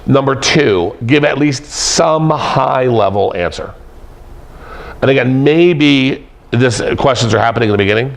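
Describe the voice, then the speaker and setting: A middle-aged professor lectures a room of students, joking as he goes and hammering points home by repeating words. His voice has a gravelly, fry-edged texture, and he lands in a middle register. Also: medium pitch, unhurried. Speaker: professor teaching presentation skills. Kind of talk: lively classroom lecture. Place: classroom with an audience.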